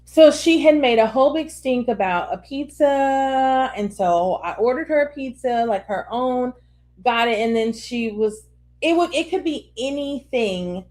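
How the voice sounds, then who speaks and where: A woman in her thirties co-hosting a podcast, telling stories in an animated, laughing way. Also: high-pitched, measured pace. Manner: animated storyteller, laughs through her words. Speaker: podcast co-host. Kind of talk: casual podcast chat.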